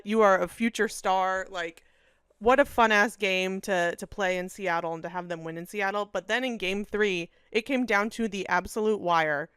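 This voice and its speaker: A woman co-hosts a casual sports podcast, full of enthusiasm and loose profanity. Her voice is smooth and clear, recorded close and dry. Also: mid-range voice, fairly bright tone, no room sound. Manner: enthusiastic, profane, quick asides. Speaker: podcast co-host.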